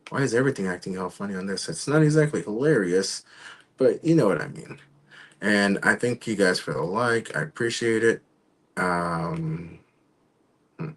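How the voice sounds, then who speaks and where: Male host, deep voice, loose rambling delivery, casual stream chat. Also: breathy edge. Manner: rambling, halting, trails off. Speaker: show host. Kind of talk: casual livestream talk.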